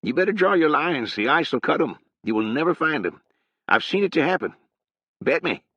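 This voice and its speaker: A man's voice: fairly high pitch, big pitch swings, brisk, bright, forceful tone, husky, dry recording, voice pushed up, heavily acted. A man voicing a gloomy, fatalistic old ragpicker who talks in a drawling, mournful rural manner, for an audiobook. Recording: dull, dry sound.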